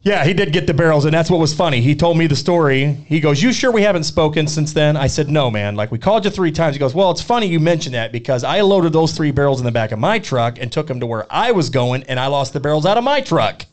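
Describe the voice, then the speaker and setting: A man hosting a podcast, telling a rambling story in an animated, casual way. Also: on the high side, fast talker, few pauses. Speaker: podcast co-host.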